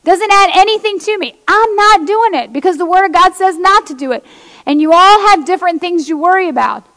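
High-voiced woman preaching in a reverberant hall. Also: a little fast, fairly bright tone. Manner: impassioned, reads scripture aloud, talks directly to congregation. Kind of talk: sermon.

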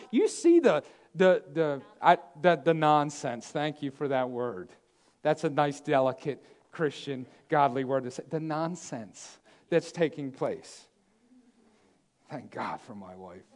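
Delivering a sermon in a slightly high voice, a man hammers home his points with emphasis and repetition, alternating loud proclamations with hushed asides.

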